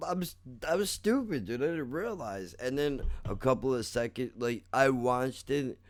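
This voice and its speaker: A young man with a smooth, medium-pitched voice hosts a casual solo podcast. He rambles, pokes fun at himself, swears often, and keeps calling the listener "dude."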